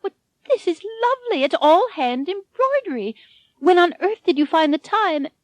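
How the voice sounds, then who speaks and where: A woman voicing an elderly bride, sweet and sentimental, with a high fluttery voice. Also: sing-song, normal speed, no echo. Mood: tender.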